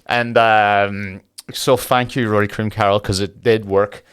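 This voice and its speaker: A man's voice: lowish voice, fairly even intonation, unhurried, fairly bright tone, clear, resonant tone. A man from Ireland co-hosting a podcast, chatting casually and animatedly, swearing freely and laughing often. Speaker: podcast co-host. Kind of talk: casual chat.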